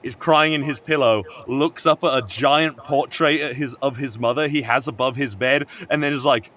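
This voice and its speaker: Rambling, animated young man on a call. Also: mid-range voice, normal speed. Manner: rambling and animated, with many fillers and restarts; swears casually. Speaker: stream co-host. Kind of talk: casual chat retelling an anime plot.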